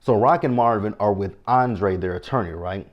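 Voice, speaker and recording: A man's voice: lowish voice, moderate pace, dull audio. A man, casually recapping a TV episode and talking straight to his viewers. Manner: chatty and animated, talks to viewers directly. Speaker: TV show recap host.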